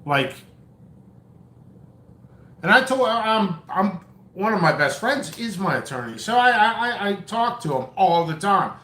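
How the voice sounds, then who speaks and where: A man's voice: high-pitched, sing-song, unhurried, long pauses, pushed and bright. A man hosting his own channel, ranting in a long-winded, stammering, exasperated way. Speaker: seed seller and channel host. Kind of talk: rambling vlog rant. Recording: echoey room.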